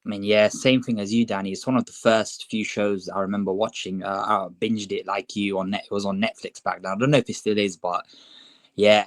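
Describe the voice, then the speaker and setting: A young man, chatting casually as a podcast co-host, relaxed and full of fillers. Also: fairly low pitch, dry recording, rough recording. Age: young adult. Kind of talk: casual chat.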